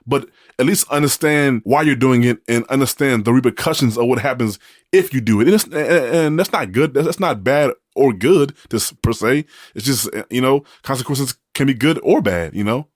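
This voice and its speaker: A young man co-hosts a relationship podcast, musing in a relaxed way and often repeating his words as he gathers his thoughts. His voice is at a middling pitch for a man, frequently quiet, and recorded close and dry. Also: moderate pace, no room sound. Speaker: podcast co-host. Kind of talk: casual relationship chat.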